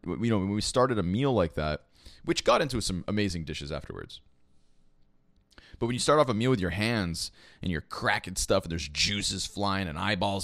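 Recorded clean in a studio with no room sound, a low-voiced young man from Quebec, Canada, rambles through a casual story. This esports caster and podcast host curses freely and fills pauses with "you know" and "like."

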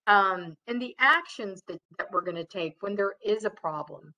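A woman giving a casual training talk on customer service, chatty and loud, with many fillers and restarts. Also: mid-range voice, moderate pace, low-quality recording. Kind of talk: casual webinar lecture.

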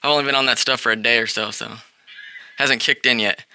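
A man's voice: mid-range voice, fairly even intonation, brisk, sharp tone, slight background noise. A man voice actor joking between recording takes in a playful, self-mocking way.

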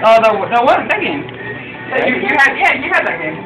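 A young man vlogging while playing an arcade coin game, excitable and quick to frustrated shouting and swearing. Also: extremely high pitch, rough recording. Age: teens or young adult. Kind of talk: casual vlog commentary while playing. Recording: loud background music in an arcade.

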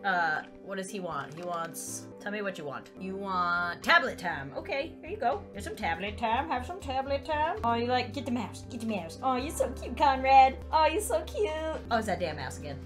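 A woman's voice: on the high side, very animated, normal speed, few pauses, over music. A young woman doing let's play commentary, chatting animatedly and cooing in baby talk at a virtual kitten. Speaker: gaming YouTuber.

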